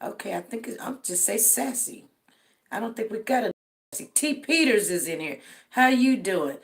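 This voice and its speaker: A woman's voice: a little high, expressive, moderate pace. A middle-aged woman from Denver, tired, hosting a casual livestream and greeting viewers by name. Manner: greets viewers by name, drawls friendly shout-outs. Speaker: livestream host. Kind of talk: casual livestream roll call.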